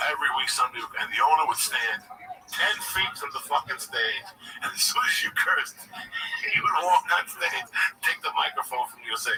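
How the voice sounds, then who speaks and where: A man's voice: mid-range voice, expressive, fairly quick, sharp tone. A man, a comedian, telling a rambling, profane story in casual chat. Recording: distant mic with background noise.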